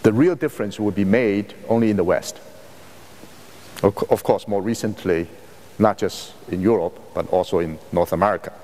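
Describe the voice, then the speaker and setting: A man with Chinese as his first language delivers a university lecture at a measured, halting pace, stopping to rephrase his points. His voice sits fairly low. The recording carries the long reverb of a lecture hall. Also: darkish tone, a little hiss or hum. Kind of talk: academic lecture.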